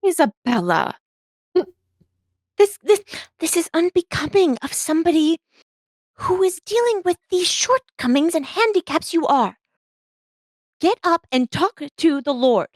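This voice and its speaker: A stern society mother scolds in a very high, sharply swooping voice, played by a woman. The delivery is curt and dismissive, and the sound is dry. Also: very animated, unhurried, long pauses, no room sound, heavily acted. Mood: scolding.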